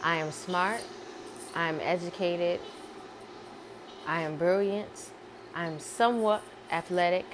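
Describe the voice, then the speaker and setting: A woman's voice: fairly low pitch, slow, long pauses, background noise. A woman voicing a worried young man who is about to leave for college, earnest and tearful, quoted in passing. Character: young man, anxious college-bound son.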